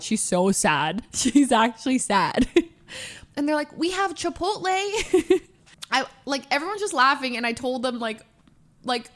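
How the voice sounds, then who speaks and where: A young woman streamer telling a story casually, animated, laughing often and full of fillers. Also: high-pitched.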